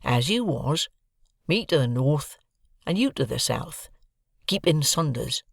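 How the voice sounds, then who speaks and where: A man voicing a slow, kindly village blacksmith who talks in plain rustic dialect, weighing every word. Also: on the high side, lively intonation, gravelly, no echo, clean studio sound, full character voice. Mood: ponderous.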